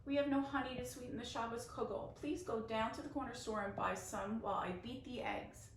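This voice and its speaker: A woman's voice: a little high, steady tone, a little fast, voice pushed up, natural voice. A woman voicing a bossy, no-nonsense old grandmother who scolds and then shows kindness. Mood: worried. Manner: indignant, scolding, then kind. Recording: roomy, distant mic, faint noise.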